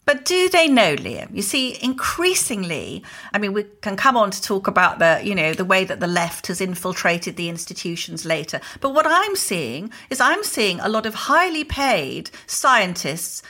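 A woman's voice: mid-range voice, big pitch swings, normal speed, sharp tone. A woman, co-hosting a podcast and talking in an indignant, emphatic way. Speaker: podcast co-host. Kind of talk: opinionated casual chat.

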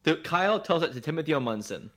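A man's voice: fairly high pitch, quick pace. A man co-hosting a casual podcast, retelling a movie plot in an incredulous, joking way. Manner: animated, incredulous retelling with laughs. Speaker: podcast co-host. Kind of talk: casual chat reviewing a movie.

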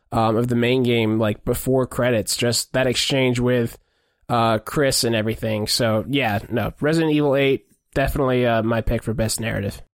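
A man's voice: mid-range voice, dry recording, clean studio sound. A man co-hosting a casual podcast, explaining his game picks in a thoughtful way with frequent ums. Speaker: podcast co-host.

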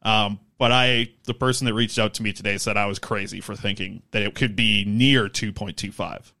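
A man's voice: on the low side, steady tone, normal speed, vocal fry, pushed and bright. A man co-hosting a casual sports podcast, working through stats and contract numbers. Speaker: podcast co-host.

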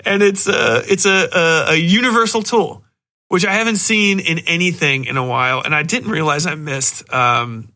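A male podcast host in loose, casual chat, ranting and cursing freely. His voice sits a bit high and has a bright, forceful edge. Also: moderate pace. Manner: profane, ranting, exasperated.

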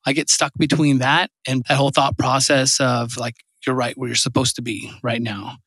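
A man's voice: mid-range voice, little pitch movement, moderate pace, fairly bright tone, breathy edge, dry recording. Earnest man hosting a podcast. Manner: earnest, encouraging, filler-heavy. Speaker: podcast host. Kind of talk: casual chat.

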